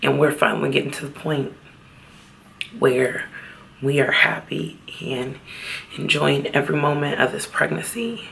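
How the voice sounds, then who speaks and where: A woman talks into her vlog outdoors at a beach, her voice thick with gravel and fry. Her tone is bright and forward. She speaks haltingly and from the heart, often close to tears. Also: low-pitched, slight background noise. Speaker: vlogger. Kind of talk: personal vlog talk.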